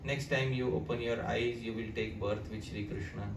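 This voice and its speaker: A man's voice: on the low side, normal speed, gravelly. A man, a devotional speaker telling a sacred story as a sermon at a house gathering, speaking animatedly and quizzing his listeners. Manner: animated, addresses the audience with questions. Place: living room at a house gathering. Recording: echoey room, distant mic, faint hiss.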